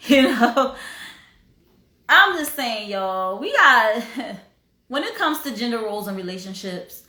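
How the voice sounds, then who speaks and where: A woman's voice: fairly high pitch, sing-song, takes it slowly, long pauses, bright, forceful tone, echoey room. A woman hosting a casual livestream, talking in an emphatic, preachy way and sometimes breaking into song. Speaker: host.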